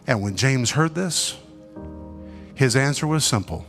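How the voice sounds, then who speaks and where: A man preaching a sermon with emphatic, dramatic delivery, pausing and swinging between loud and soft. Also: mid-range voice, expressive, soft background music.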